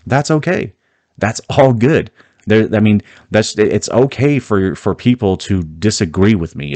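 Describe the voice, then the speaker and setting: A man's voice: sits low, dry recording. A man hosting his own video commentary, talking in a heated, emphatic way with frequent restarts. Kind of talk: opinionated solo commentary.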